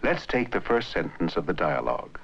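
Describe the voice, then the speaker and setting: Brief: male narrator, low, animated delivery, muffled old film sound. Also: noisy background. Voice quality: clear, measured explaining. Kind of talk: scripted educational narration.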